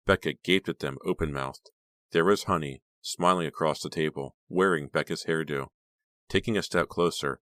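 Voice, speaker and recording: A man with a very deep voice narrates a horror novel in a dramatic, suspenseful reading. The sound is dry and close, with no room around it. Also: a bit bright, no echo. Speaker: audiobook narrator. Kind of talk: scripted narration.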